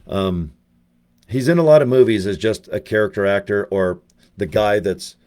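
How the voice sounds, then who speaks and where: A man with a fairly low voice talks straight to his viewers in a loose, rambling way. He jumps from one anecdote to the next with animated energy, now and then speeding up or dropping his voice to a mutter. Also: moderate pace. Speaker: network marketer. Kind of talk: casual storytelling to camera.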